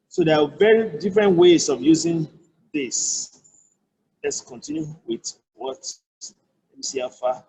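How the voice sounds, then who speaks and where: A man's voice: on the high side, gravelly, a little mellow, breathy edge, low-quality recording. A man with a Nigerian accent teaching a French lesson, repeating and breaking down each phrase patiently. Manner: explains patiently, repeats phrases, slow careful French examples. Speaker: language tutor. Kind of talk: online language lesson.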